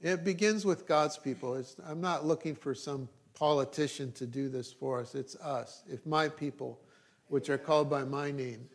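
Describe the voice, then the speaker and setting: A man's voice: mid-range voice, normal speed. A middle-aged male pastor preaching a sermon, reading scripture and adding dry joking asides.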